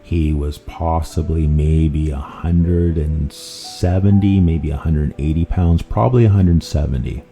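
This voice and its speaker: A man hosting a podcast, telling true-crime stories in a rambling, animated way and correcting himself as he goes. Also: very deep voice, measured pace, creaky, hardly any pauses. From Canada. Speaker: podcast host. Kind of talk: casual true-crime storytelling. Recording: faint guitar music underneath.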